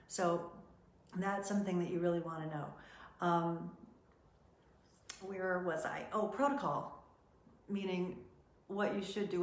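A woman's voice: lowish voice, reverberant. A middle-aged woman, a modeling agent, teaching in a chatty way and acting out what clients said. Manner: chatty, animated, acts out quotes from clients. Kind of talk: casual teaching talk.

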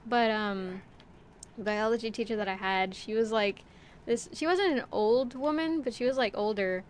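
A woman's voice: fairly high pitch, moderate pace, a little hiss or hum. Chatty young woman streaming a game. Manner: chatty, rambling, swears when frustrated; talks to chat while playing. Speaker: VTuber streamer. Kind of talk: casual gameplay livestream chat.

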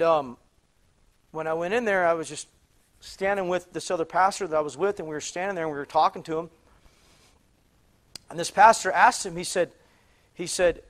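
High-voiced man preaching with restarts. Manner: animated, many restarts, rising to loud exclamations. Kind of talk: sermon storytelling. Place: church sanctuary.

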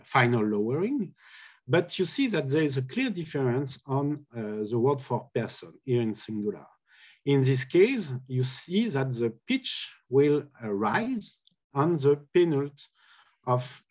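A man giving a conference lecture on linguistics over a video call. He speaks slowly and haltingly, filling the gaps with "uh" as he walks through each example, at a middle pitch. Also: darkish tone, slightly rough. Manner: halting, many filler "uh"s, careful explanation. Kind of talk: academic conference talk.

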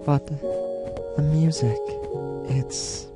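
A man's voice: fairly low pitch, very animated, very slow, long pauses. A man giving casual, playful gameplay commentary, rambling and talking to himself as he plays. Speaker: let's play gamer. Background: loud game music.

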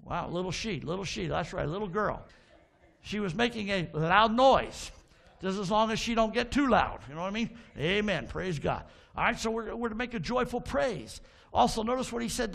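High, gravelly-voiced preacher man. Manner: fervent preaching with call-and-response to the congregation; folksy storytelling asides. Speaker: pastor. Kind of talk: sermon. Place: church sanctuary.

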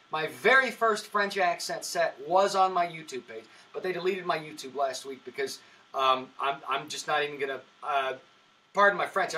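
A male comedian on a podcast, rambling through long stories and often restarting mid-sentence. His voice is bright and sits a little above the average pitch for a man. He sounds somewhat far from the microphone. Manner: rambling storytelling with frequent restarts. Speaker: comedian guest. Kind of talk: casual podcast chat.

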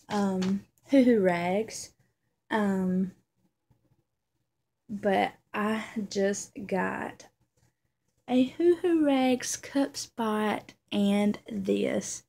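A woman with a drawl chats through a casual unboxing vlog, gushing and close to tears. Her voice is dark and gravelly, with a husky edge, and she often sinks into a soft whisper between ums. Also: medium pitch. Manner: gushing, emotional, with many fillers. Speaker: vlogger.

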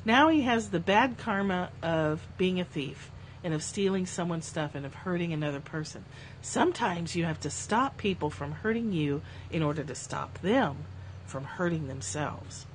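A woman reads spiritual passages aloud on a livestream in a low, even voice. She moves slowly and reflectively through the text, now and then slipping into light, self-mocking asides. A faint steady hum sits under her voice, as if recorded on a phone. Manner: calm, slow reading, breaking off into joking asides. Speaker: livestream host reading spiritual texts. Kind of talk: reflective reading with casual asides.

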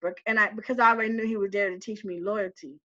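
A woman telling a personal story in a lively way. She laughs often and acts out the voices of the people in it. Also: mid-range voice, fast talker, dull audio. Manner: animated, laughing often, acting out quoted voices.

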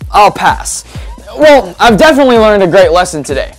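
Woman as a jumpy, exclamatory adventurer host, lively pitch. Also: a little fast, soft background music, close to an everyday voice. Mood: frantic. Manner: frantic, exclamatory. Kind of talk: children's church skit.

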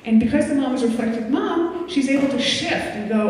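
A woman in her sixties, a psychiatrist giving a relaxed, conversational parenting lecture, slipping into the voices of the parents and children she quotes. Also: sits high, brisk, hardly any pauses. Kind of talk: lecture to an audience. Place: lecture hall. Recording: echoey hall from far off, faint noise.

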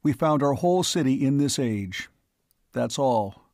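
A man's voice: medium pitch, animated, measured pace, darkish tone, dry recording, studio quality. A man voicing a bewildered, incredulous present-day man questioning strangers from the stars. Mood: weary. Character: staggered male leader from present day.

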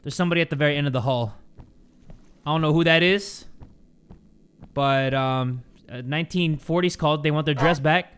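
A man giving jokey, animated commentary to his viewers while playing a horror game, with game music behind him. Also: fairly high pitch, normal speed, long pauses, smooth. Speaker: gaming YouTuber. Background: game music and sound effects.

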